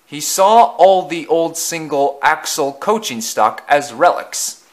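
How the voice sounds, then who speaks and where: A man narrating a children's railway story in a gentle, measured way. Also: medium pitch.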